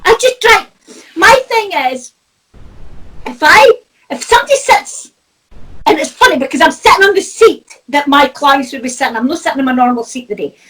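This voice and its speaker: Speaking at a moderate pace, a middle-aged Doric-accented woman from north-east Scotland, a psychic medium, tells stories in an easygoing chat, laughing frequently and swearing. Her high voice is a bit bright, with lively intonation. The recording is low quality.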